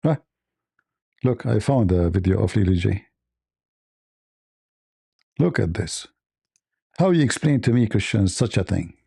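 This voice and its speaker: A man's voice: lively intonation, a little slow, vocal fry, pauses often, mellow, slightly rough, no echo, clean studio sound. A man hosting a casual talk show, rambling through a story with many restarts and fillers. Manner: rambling, many restarts and fillers, squeaky voices when quoting. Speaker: host.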